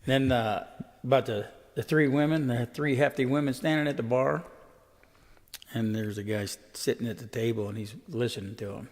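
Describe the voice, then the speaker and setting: A man's voice: mid-range voice, big-room sound. A man from Ohio, a guest on his brother's show, chatting casually and telling jokes and stories. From Ohio, USA. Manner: storyteller, quick with jokes and voices. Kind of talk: casual joke-telling chat.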